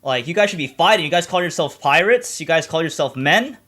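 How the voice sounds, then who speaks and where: A man's voice: a little high, lively intonation, fairly quick, sharp tone, pitched above the performer's own voice. A man voicing an indignant little boy who wants to be a pirate, in a raised, demanding voice while retelling a story.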